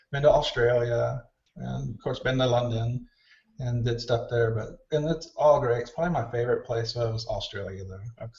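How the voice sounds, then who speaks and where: A man telling backstage stories in an interview, acting out the voices of people he quotes. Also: medium pitch. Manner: animated storyteller, acts out quoted dialogue. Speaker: hair stylist guest. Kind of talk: casual storytelling interview. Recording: distant roomy mic, dull lo-fi sound.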